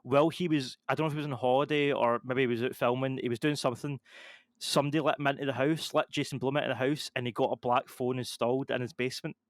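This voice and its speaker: A young man, co-hosting a podcast and telling stories in casual, animated chat. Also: mid-range voice, quick pace, dry recording. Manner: animated storytelling, laughs often. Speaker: podcast co-host.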